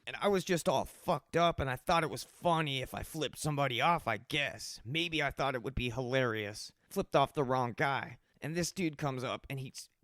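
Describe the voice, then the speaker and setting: A young man from Colorado, host of his own podcast, telling his recovery story in a rambling, animated monologue and acting out the voices of people in it. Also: mid-range voice, moderate pace, few pauses, no room sound, clean studio sound.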